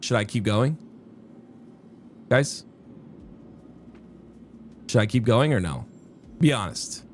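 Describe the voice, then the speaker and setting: A man's voice: medium pitch, lively intonation, takes it slowly, pauses often, a little hiss or hum. A man streaming a game live, chatting casually and rambling with his viewers, often interrupting himself. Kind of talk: casual live-stream chat while gaming. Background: faint background music.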